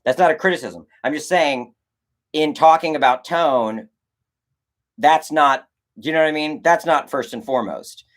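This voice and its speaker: A young man, a filmmaker, chatting casually on a livestream and answering chat, rambling and animated, swearing and acting out conversations. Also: fairly high pitch, normal speed. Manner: animated, rambling, swears, acts out quoted exchanges.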